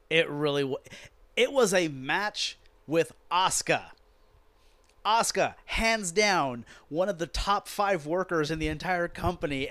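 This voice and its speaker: Telling it like a story, a man on his podcast recaps a wrestling show in a profane, exasperated and animated rant. His voice is fairly high. There's no echo.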